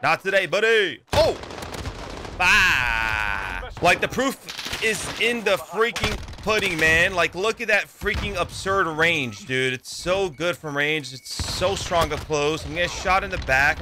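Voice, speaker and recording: A young man with a slightly higher voice talks over his own shooter gameplay in a loose, excitable stream of chatter. He swears freely and breaks into yells when the fighting heats up. Gunshot sounds run clearly behind his voice. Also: unhurried, background noise. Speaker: gaming YouTuber. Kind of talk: live gameplay commentary.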